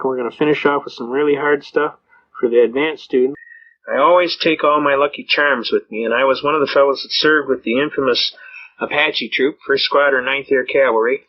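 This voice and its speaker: An older man lecturing in a rambling, folksy storytelling way, often pausing with "uh". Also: mid-range voice, fairly even intonation. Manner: rambling, folksy, with frequent "uh" fillers. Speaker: lecturer on citizens' rights. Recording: dull lo-fi recording.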